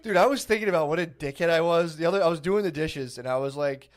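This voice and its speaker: A man's voice: on the high side, fast. A man in his thirties telling rambling, profane stories on a podcast, laughing often, with one eye watering from peppermint oil. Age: 30s. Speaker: podcast co-host. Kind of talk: casual storytelling chat.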